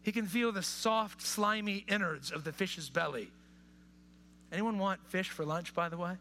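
High bright-voiced preacher, hushed to impassioned. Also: male voice, moderate pace, slight background noise. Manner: swings between hushed intimate asides and rising impassioned appeals. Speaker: pastor. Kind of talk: sermon. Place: church or hall with live audience.

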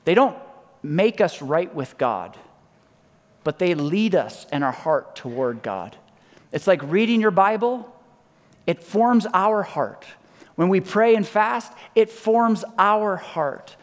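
Man, pastor, sermon, emphatic, repeats lines, soft falling endings, somewhat high voice, long hall reverb. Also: lively intonation, takes it slowly.

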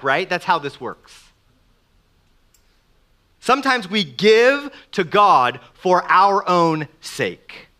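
The sermon comes from a middle-aged pastor who dramatizes the voices of people he quotes. His pitch leans high, and he speaks slightly slowly.

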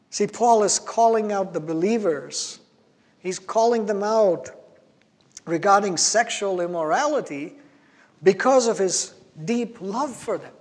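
A man preaching a sermon as pastor, earnest and emphatic, slowing down to stress key phrases. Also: high-pitched, in a large hall.

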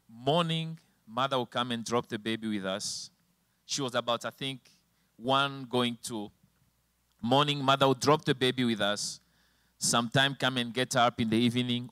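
A man preaching in church, weaving a painful story from his own life into the message. His voice is of middle pitch and swings up and down with feeling, and the sound is close and dry. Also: fairly bright tone, no room sound. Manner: emotional storytelling, voice rising and falling sharply. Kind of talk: sermon with personal testimony. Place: church with slides and a helper at the computer.

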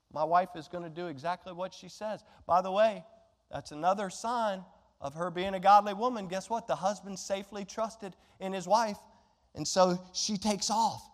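A pastor with a high-sitting voice preaches a sermon, telling a Bible story animatedly and firing rhetorical questions at his congregation. A long reverb tail follows his words.

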